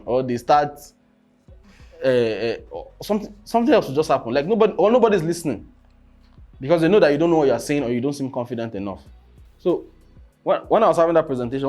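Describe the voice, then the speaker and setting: A young man, coaching on presentations in a casual teaching talk. He keeps asking "you understand?" and breaks into sudden loud bursts. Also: a little high.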